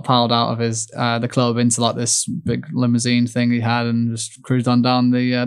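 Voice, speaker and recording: A young man tells a lively anecdote on a studio podcast. His voice sits in a middle pitch and he chats casually, laughing as he goes. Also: clean tone. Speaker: guest, Olympic kayak champion. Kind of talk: casual storytelling chat.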